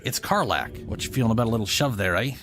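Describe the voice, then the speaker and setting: Excitable man commentating his gameplay. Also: on the low side, fast, noisy background. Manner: excitable, swears and laughs often. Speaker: let's play host.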